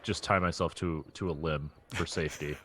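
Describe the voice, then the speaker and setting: A man's voice: rumbling low, steady tone, fairly quick, pushed and bright, no echo. A man playing in a tabletop game, joking and rambling with plenty of likes and ums. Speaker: player. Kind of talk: tabletop role-play chat.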